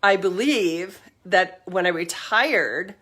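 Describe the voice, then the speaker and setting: Lively intonation and a slow pace mark this middle-aged woman's fairly low voice, heard against background noise. Walking around her home and yard outdoors, she hosts a casual livestream, rambling upbeatly and slightly out of breath.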